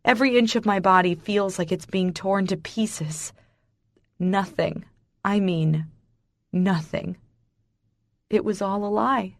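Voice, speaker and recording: A woman's voice: mid-range voice, slow, pauses often, no echo. A woman narrating a romance audiobook in the first person, with intense emotional storytelling.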